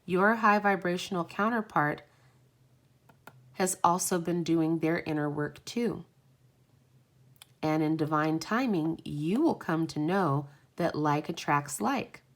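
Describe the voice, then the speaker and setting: A woman's voice: lowish voice, slow. A woman hosting a live oracle card reading, effusive and encouraging, often exclaiming.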